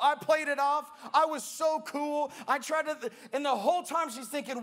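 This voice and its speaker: A young man preaching a sermon as a pastor, playful and animated, acting out a funny story from his own life. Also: very high voice, moderate pace.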